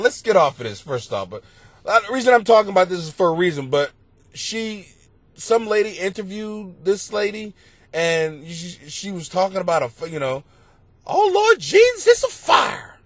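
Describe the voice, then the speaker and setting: Animated, profane comedian ranting. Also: male voice, high-pitched, normal speed, no echo. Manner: rambling, profane, bursts into loud exclamations. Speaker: comedian podcast host. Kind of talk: comedic storytelling monologue. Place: basement at home.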